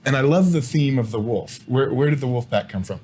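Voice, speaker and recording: A man's voice: medium pitch, animated, brisk, loud music behind the voice. A man hosting a promotional interview show, enthusiastic and full of compliments for his guest.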